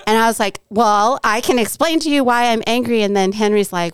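A middle-aged woman from Southern California tells a personal faith story with an animated delivery, acting out the lines of the people in it. Her voice is smooth and clear, and the room sounds dry and close. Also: fairly high pitch, fairly quick, few pauses, no room sound. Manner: animated storyteller, acts out quoted dialogue. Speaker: podcast guest.

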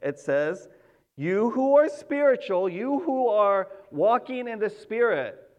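Brief: male pastor, high-pitched, earnest sermon, dull lo-fi recording. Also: sing-song, slow pace, darkish tone. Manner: earnest, emphatic, repeats key words. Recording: dull lo-fi sound.

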